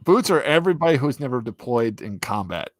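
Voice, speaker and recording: A man's voice: medium pitch, sing-song, brisk, no room sound. A man hosting a casual chat with friends, crude and teasing, who laughs a lot and acts out mocking voices. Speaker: streamer host.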